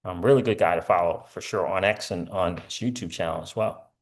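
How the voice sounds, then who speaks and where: A man's voice: deep voice, brisk. A middle-aged man hosting a casual crypto livestream, rambling with lots of fillers and answering viewer comments.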